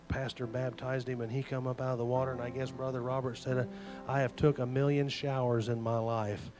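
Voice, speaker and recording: A man's voice: mid-range voice, little pitch movement, brisk, music in the background. A man, a youth pastor preaching an earnest, folksy sermon full of retold stories. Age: 40s.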